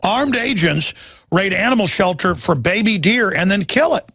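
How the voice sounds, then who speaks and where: A male talk radio host rants with heat and emphasis, stumbling over restarts as he pushes on. His voice is gravelly and a little higher than usual. The sound is dry and close. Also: animated, normal speed, sharp tone, no room sound. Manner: heated, emphatic, stammering restarts. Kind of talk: ranting talk radio monologue.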